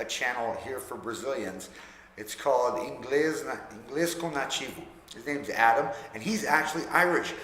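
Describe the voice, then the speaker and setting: A man chatting casually to camera as a vlogger, relaxed and self-deprecating. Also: mid-range voice. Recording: echoey room with long reverb.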